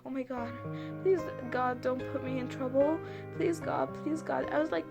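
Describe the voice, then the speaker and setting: A young woman telling a painful personal story as a vlogger, halting and anxious, with many fillers and restarts, close to tears. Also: sits high. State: upset, on the verge of tears. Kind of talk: emotional storytime monologue.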